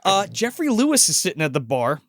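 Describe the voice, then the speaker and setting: A man's voice: high-pitched, huge pitch swings, fairly quick, dry recording. A man co-hosting a casual movie podcast, laughing, swearing and acting out scenes in put-on voices. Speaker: podcast co-host.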